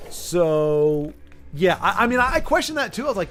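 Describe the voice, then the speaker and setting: Male streamer host, high voice, animated ranting chat, faint music underneath. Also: moderate pace. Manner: animated, ranting, self-interrupting. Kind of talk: casual livestream chat.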